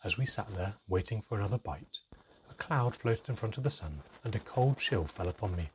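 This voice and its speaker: A man reading a story aloud in measured, even scripted narration. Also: lowish voice, slight background noise. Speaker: audiobook narrator.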